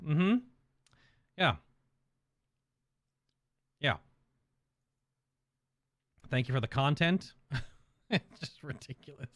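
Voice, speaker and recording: A man streamer chats through a casual reaction to a video, rambling and amused. His voice sits in an ordinary middle pitch and sounds dry and close. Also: fairly bright tone, clean tone, dry recording.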